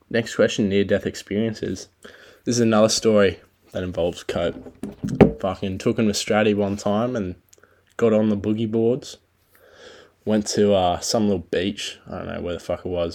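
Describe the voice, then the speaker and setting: A young Australian man hosting a solo podcast, telling stories in a crude, swearing, laid-back ramble on a low-quality home recording. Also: darkish tone. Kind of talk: casual rambling chat.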